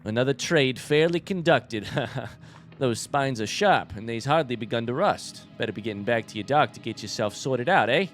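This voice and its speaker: A man reading game dialogue aloud as gruff, businesslike male bug scrap merchants, drawling slowly in a put-on Boston and New York accent. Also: medium pitch, expressive, faint music behind, close to an everyday voice. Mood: haggling.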